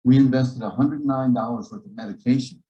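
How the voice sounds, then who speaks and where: Lively storytelling doctor, man. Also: mid-range voice, fairly quick, highs cut off. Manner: lively, joking storyteller who acts out dialogue and laughs. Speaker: physician speaking at a church gathering. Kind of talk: storytelling talk to a church audience. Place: church auditorium.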